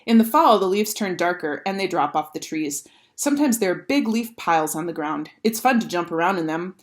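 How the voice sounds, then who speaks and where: A woman teacher reading a children's chapter book aloud with expressive, animated storytelling. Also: on the low side, a little fast.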